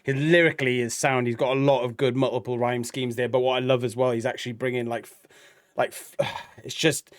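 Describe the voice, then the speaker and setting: A man's voice: medium pitch, fairly quick. A man co-hosting a casual reaction show, rambling and acting out quoted lines. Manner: rambling, animated, acts out quoted dialogue. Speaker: reaction video co-host.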